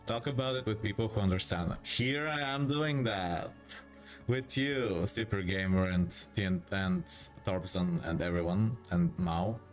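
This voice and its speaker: Male streamer, low voice, slow emotional musing over faint background music. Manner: drawn-out, wistful, reads advice aloud. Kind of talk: emotional livestream chat.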